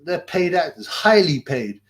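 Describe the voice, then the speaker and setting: A man's voice: fairly high pitch, sing-song, a little slow, a bit bright. A man, hosting a casual livestream, reading viewer comments aloud, rambling, swearing and laughing often. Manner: crude, rambling, laughs often, repeats himself. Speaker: livestream host.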